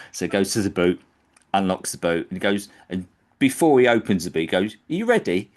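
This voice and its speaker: A man with a very low, deep voice spins a story in casual conversation. He is animated and slips into the characters' lines as he goes. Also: brisk. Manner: animated, acts out quoted characters. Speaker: podcast storyteller. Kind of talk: casual anecdote telling.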